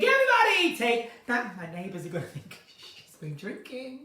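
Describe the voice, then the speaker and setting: A woman's voice: high-pitched, expressive, normal speed, hardly any pauses, sharp tone. Giggly chatty woman in an echoey room. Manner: giggly, chatty, drifts between topics. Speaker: live chat host. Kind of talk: chatty unscripted live stream. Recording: echoey room, somewhat far from mic.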